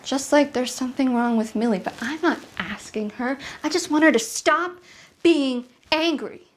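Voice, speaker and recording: Young adult woman, solo storyteller, slightly high pitch, intense and halting. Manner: intense, halting, emotional delivery. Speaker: solo comedian. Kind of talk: confessional storytelling monologue. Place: apartment.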